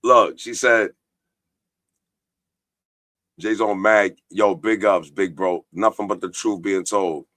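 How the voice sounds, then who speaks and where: A man's voice: fairly low pitch, fairly even intonation, takes it slowly, pauses often, a bit bright, no room sound. A man hosting a live-stream talk show, preaching profanely and reading viewer comments aloud. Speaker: podcast host.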